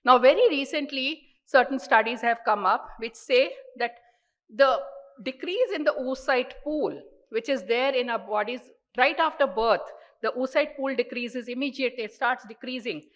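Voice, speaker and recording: A woman's voice: high-pitched, normal speed, fairly bright tone, poor audio. A woman with an Indian accent giving an earnest, explanatory medical lecture at a conference, repeating words for emphasis.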